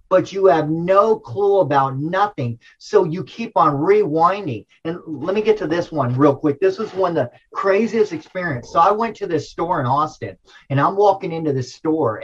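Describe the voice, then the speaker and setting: A man as an interview guest, telling a personal story in a casual, animated way, full of slang and restarts. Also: a little high, husky, muffled recording.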